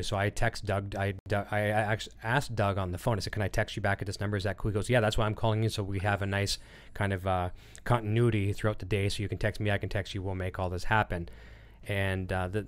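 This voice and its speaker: Give me a man with a low, smooth voice, rambling casually on a livestream and reading out chat. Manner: rambling, reads chat comments aloud, frequent fillers. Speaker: livestream host.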